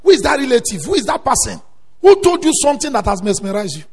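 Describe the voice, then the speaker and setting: A male preacher delivering a sermon, swinging between quiet storytelling and loud emphatic exhortation. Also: extremely high pitch, big pitch swings, fast talker, breathy edge. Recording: long hall reverb.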